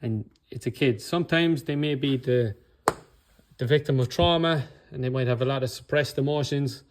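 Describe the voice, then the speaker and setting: A man's voice: mid-range voice, moderate pace, background noise. A man with an Irish accent, coaching in a motivational talk, speaking with controlled anger and passion and often checking in with "okay?". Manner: blunt, swears, keeps checking in with "okay?".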